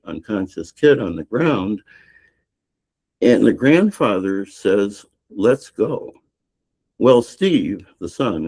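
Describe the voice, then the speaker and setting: Older male author, very low voice, meandering storyteller, podcast guest. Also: a little mellow, slightly rough. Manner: rambling storyteller with many restarts and fillers. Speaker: novelist guest. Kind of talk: retelling a novel's plot in a podcast interview.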